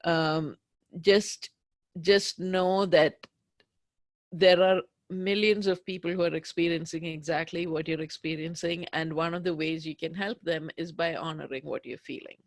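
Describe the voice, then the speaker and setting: A woman leading a guided tapping session, speaking slowly and emphatically as she voices raw anger and fear. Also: deep voice, fairly even intonation, dry recording. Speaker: tapping practitioner.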